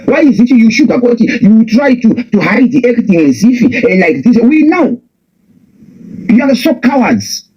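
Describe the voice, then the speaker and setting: A young man with a Zimbabwean accent and a husky, high-pitched voice delivers a heated political rant. His pitch swings widely as he hammers the same points again and again, restarting his sentences as he goes. The recording is dull and lo-fi. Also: big pitch swings, normal speed. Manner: confrontational, repetitive, many restarts. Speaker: political commentator.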